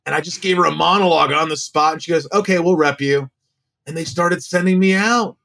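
A man in his forties, a guest actor, telling stories in a casual, animated way and acting out the voices he quotes. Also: a little high, fairly quick, vocal fry, slight background noise. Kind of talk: casual storytelling.

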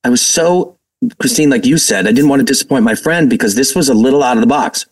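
A man from Massachusetts, a guest actor telling animated stories in a casual interview. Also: medium pitch, fast, husky, far from the mic, rough recording. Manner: animated, quotes people in their voices, laughs while telling stories.

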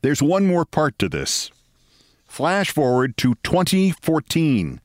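A man's voice: huge pitch swings, slow, no echo, studio quality. A middle-aged man hosting a show, telling a long anecdote in a conversational way and acting out the people he quotes. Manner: conversational, acts out quoted people with raised pitch. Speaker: show host. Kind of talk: storytelling monologue.

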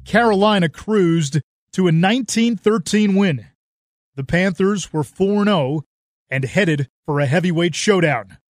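Brief: male documentary narrator, slightly high voice, measured scripted read. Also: no echo, clean studio sound. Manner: measured, even storytelling delivery.

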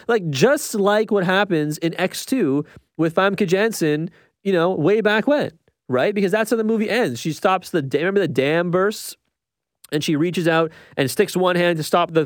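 A male film reviewer talks in a fairly high voice, emphatic and exasperated, and keeps tossing in quick tag questions. The sound is dry and close on the mic, with no room echo. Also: smooth. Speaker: movie reviewer. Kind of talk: opinionated podcast review.

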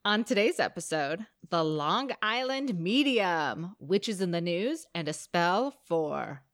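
A woman's voice: lowish voice, animated, no echo. Wry woman podcast co-host, dry sound. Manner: quick, wry banter. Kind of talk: casual chat.

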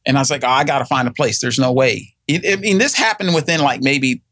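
A man's voice: mid-range voice, fast talker, a bit bright, no echo. A middle-aged man, telling a personal story in casual chat, rambling with many fillers and acting out what people said. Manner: rambling, many fillers and restarts, acts out quoted voices. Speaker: guest telling his story.

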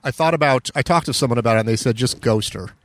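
A man's voice: medium pitch, racing, fairly bright tone. A man co-hosting a podcast, telling a self-deprecating story in casual comedic chat and acting out the people he quotes. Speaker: podcast co-host.

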